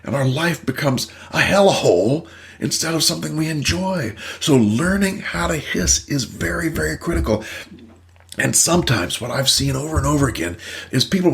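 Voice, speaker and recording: A man, a therapist and host, telling a story and explaining ideas in an emphatic, animated way. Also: medium pitch, gravelly. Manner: animated, emphatic, acts out voices. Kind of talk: storytelling and teaching talk.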